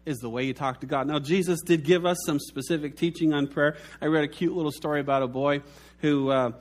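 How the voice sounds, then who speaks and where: Guy preaching a sermon, tells little stories, voice sits a bit high. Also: fairly even intonation, brisk. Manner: storytelling preacher, acts out voices in anecdotes. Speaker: pastor.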